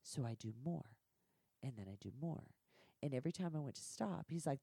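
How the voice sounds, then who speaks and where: A woman's voice: deep voice, moderate pace, breathy edge, no room sound, clean studio sound. A woman telling candid, profane stories from her work in a casual podcast conversation. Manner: blunt, profane, animated storytelling. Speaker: guest.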